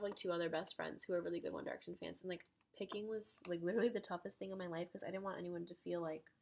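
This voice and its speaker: A woman telling a story to camera in an excitable, chatty way, full of "like". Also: lowish voice, vocal fry. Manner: excitable, chatty, heavy use of "like". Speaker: storytime vlogger. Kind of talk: casual storytelling.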